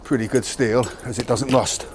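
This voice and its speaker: A man talks through a training drill outdoors in a plain, candid, unhurried way. His pitch sits in an ordinary middle range. Faint outdoor noise sits behind his voice. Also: fairly even intonation. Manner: plain, matter-of-fact, candid explanations. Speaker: martial arts channel host. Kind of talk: casual training demonstration to camera. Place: outdoors near a tree.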